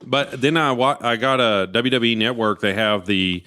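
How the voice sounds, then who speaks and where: A podcast co-host animatedly tells a story in a casual chat, acting out quotes as he goes. His voice is medium-pitched at a normal speed.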